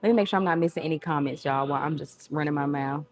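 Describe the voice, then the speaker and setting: A chatty woman with a Southern accent hosts a live cooking stream from her home kitchen, chatting casually and warmly with viewers. She has a low voice and talks rapid-fire. She's using a new microphone.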